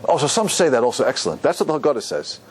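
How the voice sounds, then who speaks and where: A man's voice: mid-range voice, very animated, racing, slight background noise. A man teaching a Torah class as a rabbi, quizzing his students and quoting Hebrew verses.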